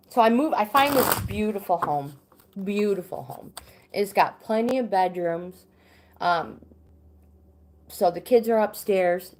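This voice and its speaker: A middle-aged woman recounting a story on a livestream, her pitch sitting a little low. She speaks slowly and unhurriedly, pausing often, restarting sentences and filling gaps with "um.". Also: darkish tone. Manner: halting, many restarts and fillers. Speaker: livestream host. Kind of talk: casual storytelling.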